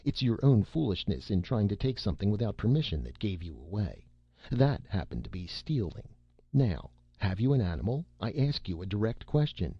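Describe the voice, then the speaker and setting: A man voicing a firm, patient businessman father who questions his son in measured tones. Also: fairly low pitch, big pitch swings, husky, no echo, muffled recording, full character voice. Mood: stern.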